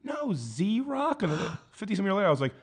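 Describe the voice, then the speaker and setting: A man, a guest comedian, rambling through stories in casual chat and acting out the people he quotes in higher voices. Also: very fast, slightly rough. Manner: rambling storyteller, acts out quotes in higher voices, laughs a lot.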